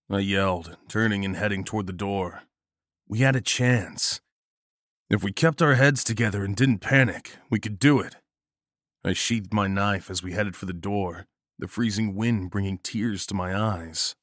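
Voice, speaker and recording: A man with a lowish voice narrates a first-person horror story in a grim, measured way. The sound is dry and close, with no room around it. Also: fairly bright tone, no echo.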